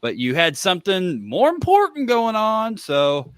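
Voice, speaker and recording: Excitable high-voiced male podcast host. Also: unhurried, smooth, dry recording. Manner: excitable, joking, jumpy delivery. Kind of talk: casual podcast chat.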